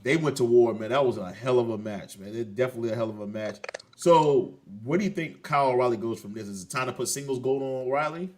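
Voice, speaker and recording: A man co-hosting a casual wrestling talk show, relaxed, steering the conversation between topics. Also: mid-range voice, quick pace. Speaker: podcast co-host. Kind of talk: casual chat.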